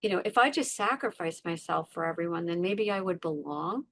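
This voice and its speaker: A woman's voice: on the low side, lively intonation, a little fast, fairly bright tone, slight background noise. A middle-aged woman, a podcast guest, sharing a personal story in conversation with earnest emphasis, repeating words and acting out her inner voices.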